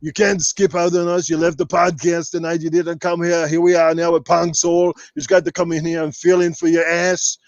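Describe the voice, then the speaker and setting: A man's voice: a little high, level tone, a little fast, hardly any pauses, dry recording, dull audio, lightly acted. A man doing a brash bodybuilder impression. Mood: joking. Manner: brash, boastful, rambling, trash-talking. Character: boastful muscle-bound Austrian bodybuilder, adult man. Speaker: podcast guest doing an impression. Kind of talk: comedic impression in podcast chat.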